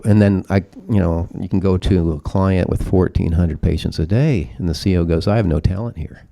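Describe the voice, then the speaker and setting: A man's voice: low voice, normal speed, gravelly, warm tone. A man speaking at a conference, emphatic and preachy, leaning on vivid metaphors. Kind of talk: open-forum conference talk.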